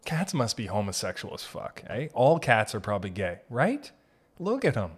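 A man's voice: lowish voice, big pitch swings, moderate pace, husky. Giggly, profane man riffing on a podcast. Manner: giggly, profane, jumps between jokes. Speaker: podcast host. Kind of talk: rambling comedic monologue.

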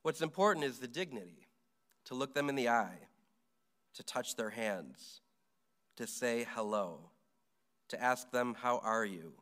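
A man's voice: mid-range voice, expressive, measured pace, pauses often, a bit bright. A middle-aged man, a Catholic priest, giving a conversational homily with stories, fillers and restarts.

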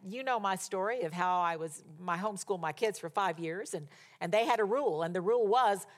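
A woman's voice: fairly low pitch, a little fast, few pauses. A middle-aged woman delivers a sermon in a storytelling way. She is emphatic and exhorting, and she drives her points home through repetition. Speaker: preacher.

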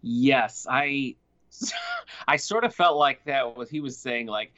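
A woman's voice: very deep voice, big pitch swings, takes it slowly, a bit bright, dull audio. A woman co-hosting a podcast, giving emphatic, opinionated takes on TV scenes. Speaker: podcast co-host. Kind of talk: casual TV recap chat.

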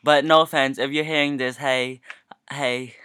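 A man's voice: mid-range voice, steady tone, a little slow, sharp tone, clean tone, no room sound, clean studio sound. A young man co-hosting a casual podcast, telling stories in a playful, joking way. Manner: playful, jokey storytelling. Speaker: podcast co-host. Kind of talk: casual chat.

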